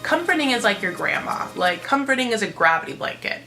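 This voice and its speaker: A woman's voice: mid-range voice, sing-song, fairly quick, creaky, sharp tone, soft background music, low-quality recording. A woman hosting a casual reality-TV recap, chatty and profane, packed with "like". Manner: chatty, profane, constant filler "like". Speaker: host.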